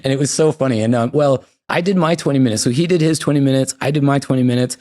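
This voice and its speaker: This fast-talking man from the United States, mid-range in pitch, appears as a podcast guest spinning casual stories. His talk is animated and profane, with quotes acted out.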